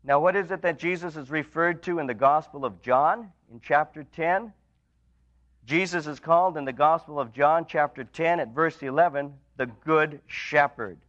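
A man preaches a sermon in a bright, forceful voice that sits a little high for a man. He climbs in pitch and volume to press a point, then drops low and quiet when he quotes. The recording sounds dull and lo-fi. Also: moderate pace. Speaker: pastor.

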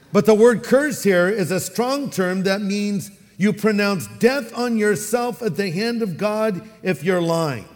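A pastor with a Californian accent delivers a sermon in a high-pitched voice, animated and full of acted-out quotes. His words ring through a large hall with a long reverb.

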